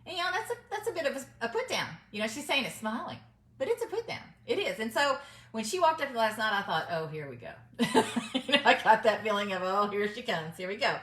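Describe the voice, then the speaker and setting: Chatty woman, bright echoey voice. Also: sits high, big pitch swings, quick pace. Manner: chatty, emphatic, addresses viewers as y'all. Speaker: vlogger giving business mindset advice. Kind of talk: casual storytelling to camera.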